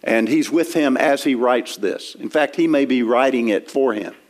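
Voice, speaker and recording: A man delivers an expository sermon in a church sanctuary, quoting scripture and explaining it in a conversational way with many restarts. He speaks at a normal speed in a mid-range voice with a darkish tone.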